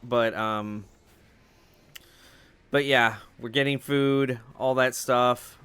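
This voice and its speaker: A man's voice: medium pitch, fairly even intonation, drawn-out words, a bit bright, smooth, no echo. A young man hosting a let's play, chatting casually over gameplay with lots of fillers and swearing. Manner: rambling, swears freely, many fillers.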